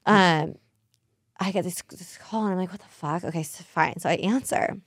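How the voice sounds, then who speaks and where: A woman's voice: lowish voice, normal speed, creaky, husky, dry recording, studio quality. A young woman co-hosting a podcast, telling stories in casual chat, heavy on "like" and swearing. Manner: animated storytelling, heavy use of "like", swears freely. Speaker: podcast co-host. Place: small studio.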